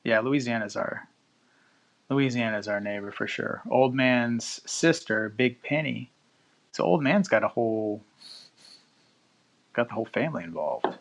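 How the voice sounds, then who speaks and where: A man's voice: on the low side, creaky, fairly bright tone. A man hosting a live-stream podcast, chatting casually with listeners and reading news aloud with loose, profane asides. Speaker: podcast host.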